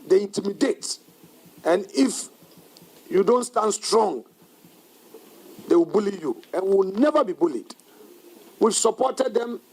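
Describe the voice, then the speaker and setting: A man, a parliamentary caucus leader giving a measured, deliberate press conference statement that turns emphatic and defiant. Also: high-pitched, a little mellow, low-quality recording.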